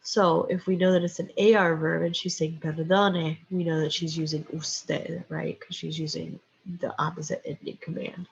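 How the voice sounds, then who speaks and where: A woman's voice: low voice, little pitch movement, normal speed, vocal fry, slight background noise. A woman teaching a Spanish lesson, explaining step by step with frequent "okay" and "um". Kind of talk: recorded lecture with slides. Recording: dull lo-fi recording.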